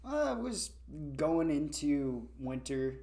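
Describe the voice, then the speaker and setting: A man's voice: on the high side, very animated, slow pace, gravelly, mellow. A young man chatting casually with a friend, laid-back and teasing. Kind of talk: casual chat.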